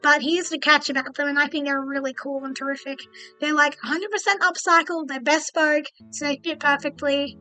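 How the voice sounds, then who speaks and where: A woman's voice: high voice, steady tone, brisk, sharp tone, faint music behind, low-quality recording. A young woman streaming as a VTuber, telling a rambling story and acting out her own thoughts as quoted asides.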